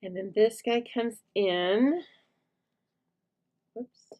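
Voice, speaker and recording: The host of a live stamping show, a middle-aged woman, teaches card-making step by step as she chats, pausing to speak to her dog. She has a medium-pitched, darkish voice and draws out her words.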